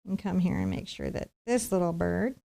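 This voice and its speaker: A woman's voice: lowish voice, moderate pace, creaky, warm tone. Chatty woman teaching a painting lesson. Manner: chatty, step-by-step explaining. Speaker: acrylic painting instructor. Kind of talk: live painting tutorial.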